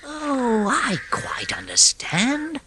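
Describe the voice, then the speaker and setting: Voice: medium pitch, wildly swooping pitch, unhurried, a bit bright, a little hiss or hum, pitched above the performer's own voice, exaggerated voice. A narrator voicing a brave, good-natured male water rat in a storybook reading, speaking in a kindly, soothing, practical way.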